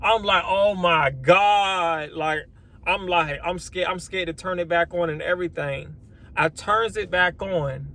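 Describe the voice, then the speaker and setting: A man who runs a lawn care business, chatting casually to the camera outdoors, rambling and animated as he acts out his own reactions. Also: sits high, normal speed, gravelly, slight background noise. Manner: swears then apologizes. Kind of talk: casual vlog storytelling.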